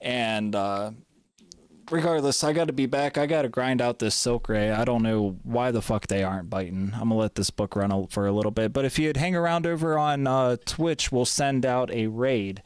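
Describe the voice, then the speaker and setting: A man streaming a game live, grumbling and swearing, his voice swinging between loud gripes and quiet mutters. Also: mid-range voice, moderate pace, clear, resonant tone, dry recording, studio quality. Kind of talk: live gameplay chat.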